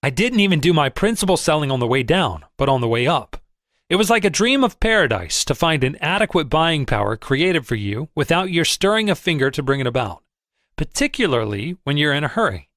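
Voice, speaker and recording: Male narrator for a first-person audiobook, expressive and measured, lively pitch, dry booth sound. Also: dry recording.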